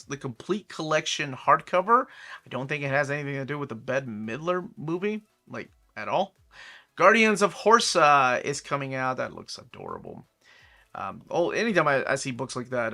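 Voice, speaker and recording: Speaking at a medium pitch with a pushed, bright quality, a comic book collector from the United States in his forties casually goes over upcoming comic releases. He drifts into chatty asides and corrects himself as he goes.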